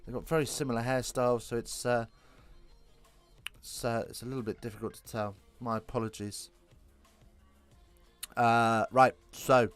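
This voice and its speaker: A man calling a live rugby game, chatty and self-correcting, lifting into excited bursts on big plays. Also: medium pitch, moderate pace, pauses often, clear, resonant tone, no echo, soft background music. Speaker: rugby commentator. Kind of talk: live alternative play-by-play commentary.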